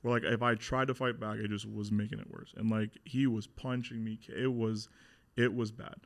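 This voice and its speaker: A man's voice: fairly low pitch, flat delivery, moderate pace. A young man speaking as a podcast guest, telling a hard personal story in a casual, candid way with lots of fillers and swearing.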